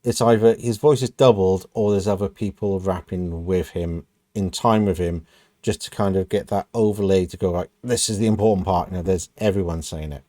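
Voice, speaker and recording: A man's voice: low voice, fairly even intonation, moderate pace, mellow, no echo, clean studio sound. A British man from the UK hosting a reaction video, chatting casually and thinking aloud with lots of "you know.". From United Kingdom.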